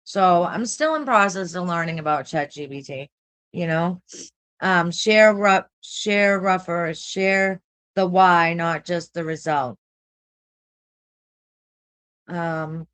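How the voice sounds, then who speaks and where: A woman, an artist vlogging, reading a text aloud with earnest, emotional asides and halting restarts. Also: lowish voice, a bit bright, clear, resonant tone. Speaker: artist and content creator.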